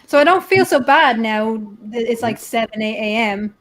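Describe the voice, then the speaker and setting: A woman's voice: a little high, animated, normal speed, fairly bright tone. A woman with a Dublin Irish accent, hosting a casual chat and often stammering and repeating herself. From Ireland. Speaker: host.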